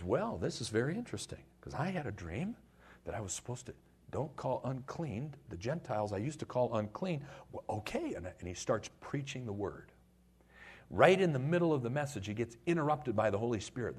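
Man, middle-aged, pastor; husky, lively sermon storytelling with put-on voices. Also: medium pitch, fairly quick.

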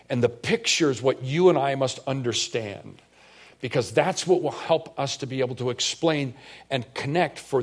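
Conversational male pastor preaching. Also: mid-range voice. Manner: animated, conversational storytelling with rhetorical questions. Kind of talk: sermon.

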